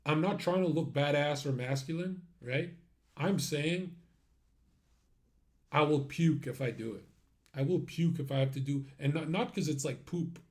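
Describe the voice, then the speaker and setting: A man's voice: on the high side, measured pace. A man streaming a casual monologue, brash and rambling, with many fillers and asides that trail off.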